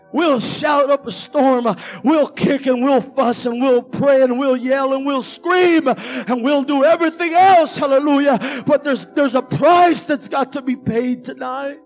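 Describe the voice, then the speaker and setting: Preacher man shouting a revival sermon, folksy, lots of uh's, really high voice, quiet music under it. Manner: fiery, shouting delivery with frequent "uh" breaths; colloquial, folksy phrasing.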